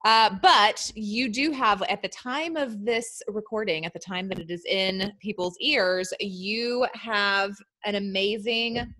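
A woman podcast host, warmly effusive and giggly as she talks with her guest. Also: medium pitch, slow, rough recording. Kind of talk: casual interview chat.

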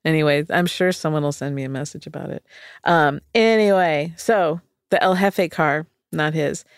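A woman's voice: deep voice, moderate pace, smooth, no room sound, studio quality. A woman co-hosting a comedy podcast, telling a true crime story in a playful, joking way. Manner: playful, puts on silly voices for quotes. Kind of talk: casual comedic storytelling chat.

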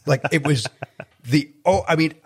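A comedian from Chicago talks as a podcast guest, his voice sitting a bit higher than most men's. He rambles and stumbles over his starts, poking fun at himself as he tells stories. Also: measured pace, husky. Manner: rambling, self-deprecating, repeats words when starting. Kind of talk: casual interview chat.

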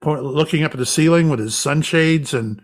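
A man guest in an interview, a medium, recounting an experience as a lively anecdotal storyteller. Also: on the high side, normal speed.

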